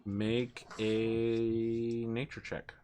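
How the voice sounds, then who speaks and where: A man's voice: mid-range voice, completely flat delivery, very slow, warm tone, clear, resonant tone. A man narrating as game master for a tabletop game, playful and teasing with his players.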